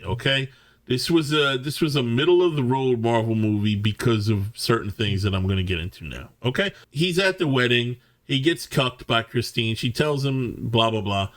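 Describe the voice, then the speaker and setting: A man's voice: medium pitch, a bit bright. Heated male reviewer, cursing, tripping over his words, casual monologue. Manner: profane, stammering restarts, many fillers. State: angry. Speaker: movie reviewer. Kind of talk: ranting film review monologue.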